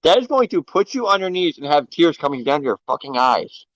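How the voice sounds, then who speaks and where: Male guest, lively and profane storyteller, higher voice, dry close mic. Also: brisk, dry recording, low-quality recording. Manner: animated storyteller, heavy swearing. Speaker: guest, paintball event organizer. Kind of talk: casual podcast chat.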